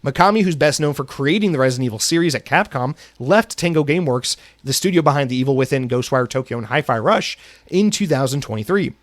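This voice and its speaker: A man from the United States runs a solo podcast where he rants in anger with plenty of swearing, then reads news. His medium-pitched voice is expressive and quick. There's no room sound.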